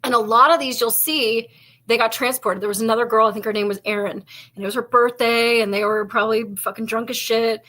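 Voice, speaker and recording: Woman, cop on a chat show, rambling, lots of fillers, fairly high, very bright tone. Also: fairly even intonation, brisk. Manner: chatty storytelling, heavy with "like", casual swearing. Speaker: podcast co-host and police officer. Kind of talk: casual chat.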